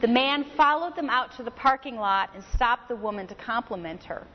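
A woman's voice: on the high side, animated, a little fast. Woman speaker in a reverberant hall. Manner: conversational storyteller, uses "you know". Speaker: session speaker. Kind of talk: spoken talk with anecdote. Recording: dull lo-fi recording with long hall reverb.

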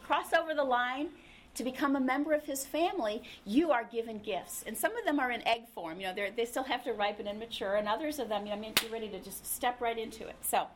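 High-voiced woman preaching with humor. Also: fast talker, slight background noise. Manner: conversational and humorous, acting out little quotes. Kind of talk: sermon.

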